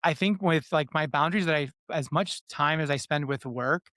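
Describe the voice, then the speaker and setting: Smooth-voiced man in his thirties, halting. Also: fairly high pitch, bright, forceful tone, no echo, studio quality. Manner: halting, many restarts. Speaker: podcast guest. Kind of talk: casual conversation.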